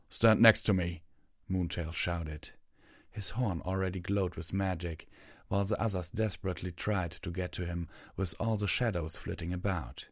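A man narrating a fantasy story in a steady, measured audiobook reading. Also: low voice, no echo, studio quality.

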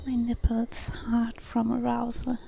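A young adult woman narrating a whispered role-play, breathy and soft, with frequent small laughs. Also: a little high, monotone, slow, slight background noise.

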